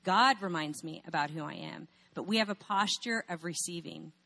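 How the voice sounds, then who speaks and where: A woman's voice: fairly low pitch, moderate pace, gravelly, sharp tone. A woman speaking in a sermon, telling a personal story and asking rhetorical questions.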